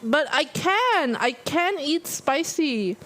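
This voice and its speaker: A woman's voice: sits high, expressive, slow, a bit bright, rough recording. A woman streamer chatting casually on a live stream, talking through a burning, aching mouth that slurs her words. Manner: pained, slurred talk from a burning mouth. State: mouth in pain from spicy food.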